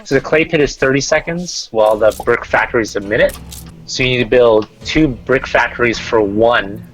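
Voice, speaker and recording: A man's voice: medium pitch, normal speed, fairly bright tone, rough recording. Man coaching a friend through a game. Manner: instructive, teasing. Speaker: gamer guiding a friend. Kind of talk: casual gaming chat.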